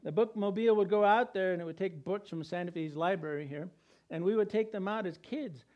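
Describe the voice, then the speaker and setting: A middle-aged pastor from New Mexico delivers a sermon. His voice sits fairly high for a man. He keeps it conversational and leans on repeated words for emphasis. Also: fairly quick, lo-fi sound. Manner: conversational preaching with emphatic repetition.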